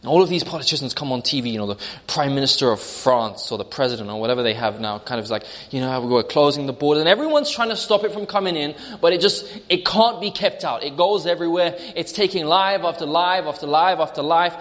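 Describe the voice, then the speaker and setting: A man's voice: fairly high pitch, lively intonation, fast, hardly any pauses, fairly bright tone, long reverb tail. A male preacher delivering a sermon, storytelling through a vivid imagined scene.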